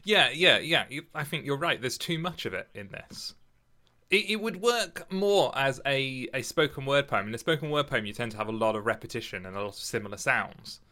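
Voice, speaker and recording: Bright-voiced man, halting. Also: medium pitch, animated. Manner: halting, restarts often, thinks aloud. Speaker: podcast co-host discussing poetry. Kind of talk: casual literary discussion.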